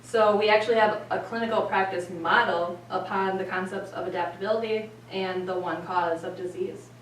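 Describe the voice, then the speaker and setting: A woman giving an explanatory presentation, steady and explaining with occasional fillers. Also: medium pitch, normal speed, a little hiss or hum. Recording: echoey room from far off.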